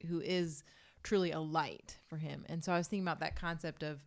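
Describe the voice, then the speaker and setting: A woman in a casual group discussion, sharing a thought in a reflective, slightly halting way. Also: deep voice, fairly even intonation, creaky.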